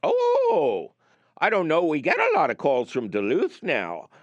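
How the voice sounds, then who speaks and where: A man's voice: on the high side, normal speed, dry recording, muffled recording. A middle-aged man hosting a call-in garden radio show, chatting and telling jokey stories. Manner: lively, jokey storyteller.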